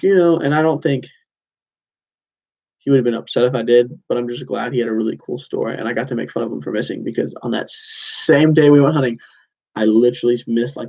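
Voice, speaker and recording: Gravelly young man rambling through stories. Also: mid-range voice, darkish tone, highs cut off. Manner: rambling storytelling, many "like"s and self-corrections. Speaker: podcast host. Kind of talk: casual solo podcast recap.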